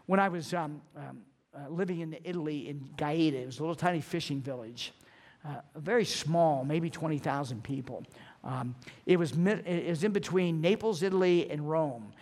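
A man's voice: fairly high pitch, normal speed, a little mellow. A middle-aged man preaching a sermon, telling stories in a loose, conversational way with restarts and then reading scripture with emphasis. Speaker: pastor. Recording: long reverb of a large hall.

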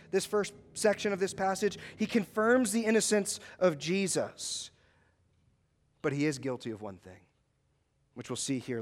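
Male pastor, high voice, dramatic sermon delivery with acted-out questions. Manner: dramatic preaching, acting out the high priest's questions.

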